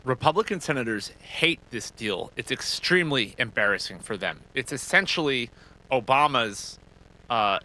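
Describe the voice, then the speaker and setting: A man analyzing politics on a news panel, talking quickly and animatedly with frequent restarts. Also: medium pitch, bright, forceful tone, low-quality recording.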